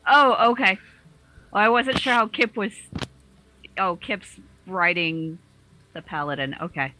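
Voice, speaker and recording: A woman's voice: mid-range voice, unhurried, bright, forceful tone, slight background noise, poor audio. A woman playing a tabletop game, easygoing and a little hesitant. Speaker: player. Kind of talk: casual tabletop play.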